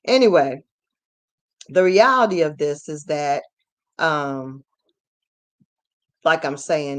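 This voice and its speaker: A woman giving an emphatic, repetitive ranting commentary as host of her channel, at times rising to shouts. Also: sits low, smooth.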